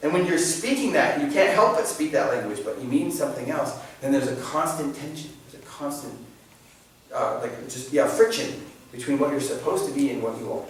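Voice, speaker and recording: A man giving an informal faith talk to a class, animated and joking, often restarting his sentences. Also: mid-range voice, fairly quick. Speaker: catechism class presenter. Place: church meeting room. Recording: very echoey room, mic at a distance.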